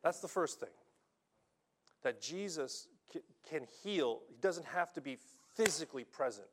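Male pastor, emphatic preacher, slightly high voice, keeps asking the congregation "okay?". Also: a little slow, a little hiss or hum. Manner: animated, emphatic, checks in with listeners. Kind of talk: sermon. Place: church in Japan.

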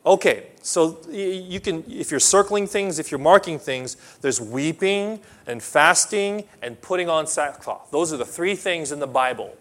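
Emphatic man preaching, slightly high voice. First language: not English. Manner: emphatic, swings between loud and soft. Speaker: pastor. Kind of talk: sermon.

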